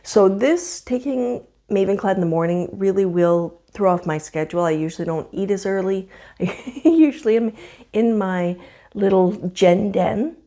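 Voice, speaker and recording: A woman in her fifties talking candidly to camera at home in a casual vlog, with a slightly rough morning voice and frequent laughs. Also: medium pitch, warm tone. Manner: chatty and candid, laughs often. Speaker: vlogger. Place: home, indoors.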